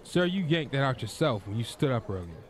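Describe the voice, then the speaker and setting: A man's voice: medium pitch, sing-song, brisk, lightly acted. A man voicing a young female waitress who speaks politely and pleads with the customers. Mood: pleading.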